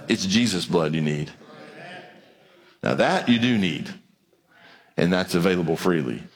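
A man preaching a sermon as pastor, animated, acting out little conversations with rises and drops in his voice. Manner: animated preaching, acts out dialogue, pitch swings widely. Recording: long reverb of a large hall.

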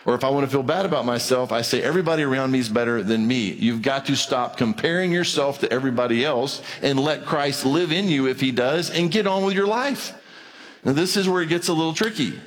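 A man preaching a sermon as pastor, animated, acting out little conversations with rises and drops in his voice. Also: a little fast. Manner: animated preaching, acts out dialogue, pitch swings widely. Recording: long reverb of a large hall.

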